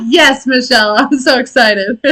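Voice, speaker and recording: A chatty woman in her thirties hosting a relaxed live-stream reading. Her voice is high and very bright. She laughs often, swears casually and answers viewers' comments as they come in. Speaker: intuitive reader and live stream host.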